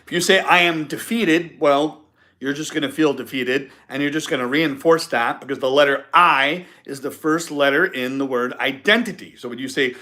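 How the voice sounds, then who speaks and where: A man's voice: medium pitch, normal speed, sharp tone. A man hosting a live-stream podcast, giving an emphatic motivational talk and repeating his key points. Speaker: podcast host.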